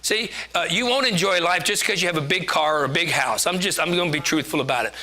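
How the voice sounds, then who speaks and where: A man's voice: high voice, pushed and bright. A man giving a conversational sermon, chatty and joking, laughing at himself as he preaches.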